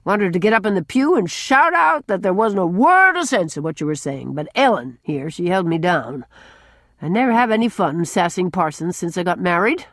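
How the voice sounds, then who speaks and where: Brief: woman reading as a bold old man, gruff and needling, voice swings widely. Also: on the low side, sing-song, normal speed, no room sound, studio quality. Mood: scornful. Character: blunt loud older man who baits parsons.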